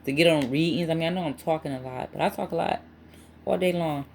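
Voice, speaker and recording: A woman's voice: low voice, fast, a little mellow, slight background noise. A woman giving a casual spiritual tarot reading to her channel, chatty and emphatic, with frequent asides. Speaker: tarot reader.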